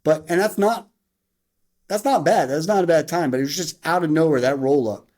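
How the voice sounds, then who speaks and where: A man's voice: a little high, brisk, a little mellow. A man hosting a casual wrestling review, running through the matches move by move, with frequent restarts and side tangents. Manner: rambling, with frequent restarts and asides; rattles off move-by-move calls in bursts.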